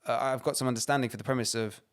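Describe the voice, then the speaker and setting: A man's voice: medium pitch, steady tone, rapid-fire. A man co-hosting a podcast, ranting and swearing emphatically in casual chat. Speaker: podcast co-host.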